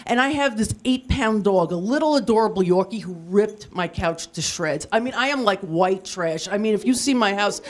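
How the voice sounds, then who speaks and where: A woman's voice: mid-range voice, animated, normal speed, hardly any pauses. A woman performing a stand-up comedy set in a TV studio, delivering self-deprecating punchlines in a dry, matter-of-fact way. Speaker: stand-up comic. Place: TV studio with live audience.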